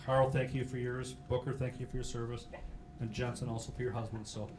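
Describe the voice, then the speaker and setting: A man's voice: mid-range voice, level tone, a little fast, darkish tone. A middle-aged man, a county sheriff giving an informal history talk in a meeting hall, folksy and joking, with many fillers. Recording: roomy hall with faint hiss.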